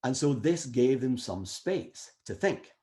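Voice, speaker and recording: A middle-aged man giving a motivational talk at a summit. He speaks in an average-pitched male voice and keeps the energy high. He slips into quoted inner voices as he explains. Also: lively intonation, slow pace, darkish tone.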